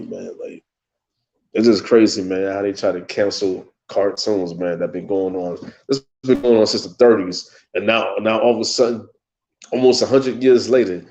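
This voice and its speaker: A man's voice: fairly low pitch, vocal fry, darkish tone, lo-fi sound. A young man hosting his own show, chatting loosely and rambling in slangy talk with lots of swearing and frequent laughs. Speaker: show host. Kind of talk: casual solo talk.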